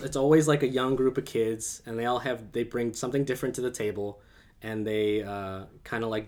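Male podcast host, casual and rambling, quick to laugh. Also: lowish voice. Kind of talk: casual chat.

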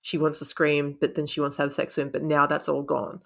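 A woman's voice: deep voice, monotone, brisk, creaky, fairly bright tone. A woman chatting casually about a book, laughing often and acting out the characters' lines. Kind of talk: casual chat retelling a book.

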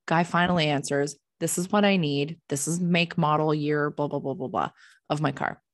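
A young Canadian woman co-hosting a casual podcast from home, telling animated stories and swearing freely. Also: deep voice, normal speed, dry recording, clean studio sound. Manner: swears freely, animated storytelling with quoted voices. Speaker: podcast co-host. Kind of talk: casual chat.

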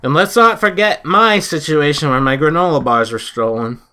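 A man in casual chat among friends, joking and quick to tease. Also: fairly high pitch, bright, forceful tone, smooth.

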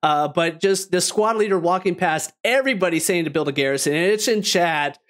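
A man hosting a casual podcast, rambling and enthusiastic with lots of restarts. His voice sits a touch higher than most men's. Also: a little fast, fairly bright tone. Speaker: podcast host.

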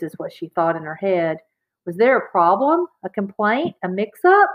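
A woman narrating a children's chapter book aloud in a clear, expressive read-aloud manner. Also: medium pitch, moderate pace. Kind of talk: children's audiobook reading. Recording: slightly dull, lo-fi recording.

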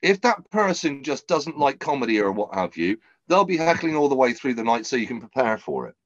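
Animated, sweary male podcast host. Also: medium pitch, dry recording, lo-fi sound. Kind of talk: casual podcast chat.

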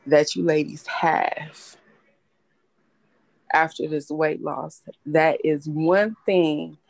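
Low-voiced woman, blunt and candid. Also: vocal fry, a little mellow. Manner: candid, blunt, swears freely. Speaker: host. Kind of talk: casual podcast chat.

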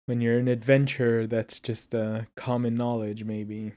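A man's voice: little pitch movement, normal speed, dark tone. A man co-hosting a podcast, casually poking holes in a film's plot with wry jokes. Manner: wry, questioning, low-key jokes. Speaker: podcast co-host. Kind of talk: casual film review chat.

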